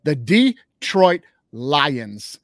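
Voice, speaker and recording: A man hosting a sports podcast, talking up his team with loud, trash-talking fan energy. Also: a little high, sing-song, drawn-out words, no room sound, studio quality. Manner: hyped, trash-talking Detroit Lions fan. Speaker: podcast host. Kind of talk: casual sports betting chat.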